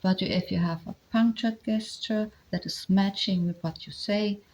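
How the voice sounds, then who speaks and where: Slow, halting woman with a German accent. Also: mid-range voice, fairly even intonation, a little mellow, low-quality recording. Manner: halting, many fillers, explaining step by step. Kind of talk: explanatory talk on communication.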